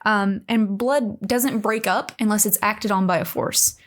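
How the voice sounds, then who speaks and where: A woman's voice: medium pitch, unhurried. A woman co-hosting a podcast, reading out notes in casual chat, with many fillers and frequent giggles. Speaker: podcast co-host presenting the topic.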